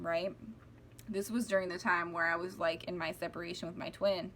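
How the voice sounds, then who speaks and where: A young woman, a spiritual vlogger, speaks to camera in a lowish, level voice that is a little fast and sharp in tone. Her casual, emotional monologue rambles, she keeps restarting sentences, and she sounds close to tears. A faint hiss runs beneath her voice.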